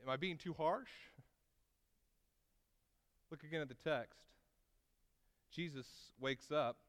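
Male pastor preaching, clear resonant voice, fairly high, long hall reverb. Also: takes it slowly. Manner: preaching with wide swings between loud emphasis and quiet asides. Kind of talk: sermon.

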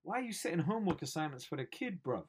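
A man's voice: on the high side, big pitch swings, fast talker, slightly rough. A young man, riffing sarcastically on news stories as host of a comedy show. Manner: joking, sarcastic, slangy.

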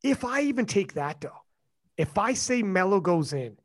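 Casual host, male, higher-pitched, animated, salty language. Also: normal speed. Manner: animated and swearing, swings up and down. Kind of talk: casual chat.

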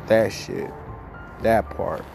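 A podcast host with a lowish, steady, creaky voice rants extremely slowly over music. His monologue is heated, full of profanity and rambling, and he sounds somewhat out of breath.

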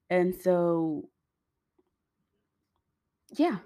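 A young woman with a lowish voice tells her viewers a personal story in a loose, rambling, chatty way. She acts out what she and others said as she goes. The sound is dry and close. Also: unhurried, pauses often, dry recording. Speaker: vlogger.

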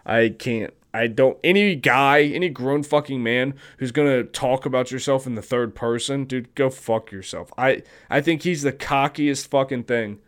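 A man's voice: mid-range voice, moderate pace, hardly any pauses. A man hosting a podcast, talking casually and profanely about sports with strong opinions. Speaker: podcast host.

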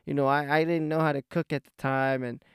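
A young man telling a rambling, profane story about his life in a casual, animated way. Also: a little high, a little fast, clean tone, no echo, clean studio sound. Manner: profane, rambling, animated when he gets heated.

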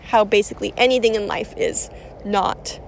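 A woman's voice: medium pitch, normal speed, creaky, a little hiss or hum. A young woman rambling casually about spiritual energy and self-healing, with lots of fillers and restarts.

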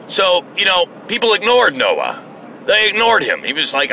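A man's voice: high-pitched, wildly swooping pitch, moderate pace, sharp tone, slight background noise. A man delivering a heated, sarcastic monologue full of swearing. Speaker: online commentator. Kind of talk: profane ranting monologue.

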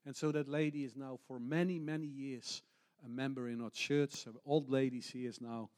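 A middle-aged missionary pastor preaches a heartfelt sermon, telling stories in an earnest, unhurried way. His English has non-native phrasing and he often restarts his words. His voice is mid-range in pitch, steady and darkish.

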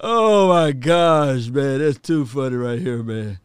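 A man's voice: mid-range voice, takes it slowly. A man casually commenting with amusement while reacting to a comedy video.

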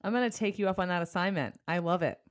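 A woman podcast host chatting casually with a guest, candid and self-deprecating, often halting mid-thought. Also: on the low side, no echo, studio quality. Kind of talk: casual interview chat.

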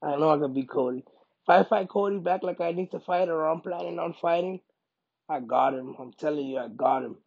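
A male fighter speaks in a casual interview, hammering his points home by repeating them. His voice is gravelly and husky, and the recording sounds dull and lo-fi. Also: fairly high pitch, brisk, dry recording. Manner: emphatic, repeats himself, bursts into loud excited quoting. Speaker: UFC fighter being interviewed.

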